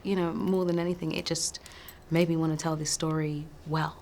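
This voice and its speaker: Soft-spoken woman actor, lowish voice. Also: level tone, moderate pace, a little hiss or hum. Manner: thoughtful, soft-spoken, laughs often. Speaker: actor promoting a film. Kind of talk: press junket interview.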